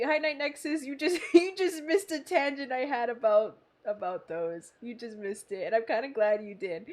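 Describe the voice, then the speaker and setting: A streamer with a high, feminine voice chatting casually with viewers while reading game dialogue, giggly and talkative, greeting people by name. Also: female voice, moderate pace, few pauses.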